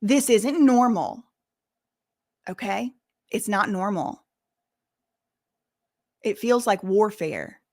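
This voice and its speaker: A young woman hosting a casual commentary channel, talking straight to viewers in an animated, emphatic way and using y'all and casual slang. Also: mid-range voice, slow, long pauses.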